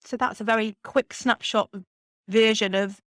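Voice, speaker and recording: A woman's voice: a little high, steady tone, normal speed, a bit bright, no room sound, studio quality. A woman with a Geordie accent, a company chief executive answering podcast interview questions in a confident, upbeat, businesslike way. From Newcastle, England. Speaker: brewery chief executive, guest.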